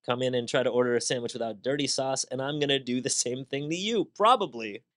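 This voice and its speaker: A man's voice: mid-range voice, quick pace, fairly bright tone. A man hosting a podcast, talking through ideas in a conversational monologue with rhetorical questions and a personal story. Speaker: podcast host. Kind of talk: reflective monologue.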